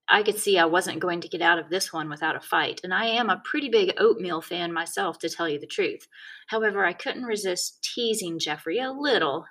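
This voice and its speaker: A woman reading a chapter of a children's novel aloud, telling it in the first person with a wry, deadpan tone. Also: lowish voice, fairly quick. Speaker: audiobook narrator. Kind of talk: first-person storybook narration.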